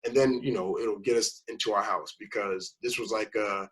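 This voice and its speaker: Husky-voiced man telling a long story. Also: lowish voice, fairly even intonation, moderate pace, fairly bright tone, low-quality recording. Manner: rambling storyteller who acts out quoted people. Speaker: first-time home buyer guest. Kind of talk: casual conversation.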